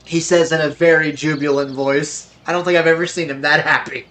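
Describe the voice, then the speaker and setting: A man's voice: a little high, fairly even intonation, a little fast, a bit bright. A man hosting a game stream, chatting casually and thinking aloud with many fillers. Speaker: streamer host. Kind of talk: casual chat while playing.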